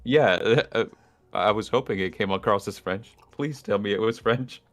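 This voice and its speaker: A man's voice: lowish voice, normal speed. A man, chatting casually as a guest and joking around. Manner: playful, laughs often, mimics names in put-on accents; accent said to be unique. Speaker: guest narrator. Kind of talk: casual chat.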